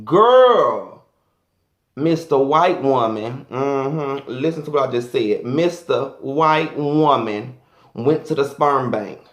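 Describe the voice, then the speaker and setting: A man's voice: medium pitch, slow, roomy sound, dull audio. A man doing a sassy, flamboyant, profane comic rant as a vlogger.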